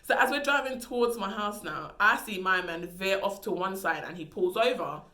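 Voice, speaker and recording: Bright, dramatic young woman storyteller. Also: mid-range voice, moderate pace. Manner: dramatic, slangy, laughing storyteller. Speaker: vlogger. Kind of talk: casual storytime. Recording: echoey room.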